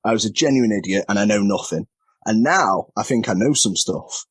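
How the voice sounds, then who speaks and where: A man with a fairly low, husky voice chats candidly as a guest, often poking fun at himself and laughing. The sound is dry and close, taken over a remote call. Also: lively intonation, moderate pace, dry recording. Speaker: wrestler and podcast guest. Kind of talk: casual chat.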